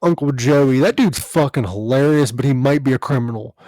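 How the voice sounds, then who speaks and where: A man's voice: mid-range voice, normal speed, darkish tone, dry recording. A man who hosts a podcast and does comedy, chatting casually, swearing freely and laughing often. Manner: profane, laughs often, tells stories animatedly. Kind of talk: casual chat.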